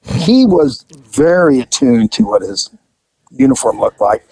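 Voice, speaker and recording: A man's voice: medium pitch, unhurried, creaky, breathy edge, no room sound, low-quality recording. An older man and retired police officer, telling stories in a casual chat and acting out the people in them. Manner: animated storyteller who acts out quotes.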